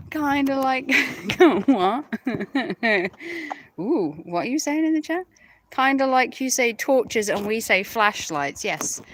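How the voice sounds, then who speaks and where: A woman's voice: high-pitched, animated, slow, long pauses, a little hiss or hum, poor audio. Giggly British woman streaming outdoors. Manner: giggly, teasing, swears casually. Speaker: livestream host. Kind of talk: casual live chat with viewers. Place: outdoors at night near a hotel and graveyard.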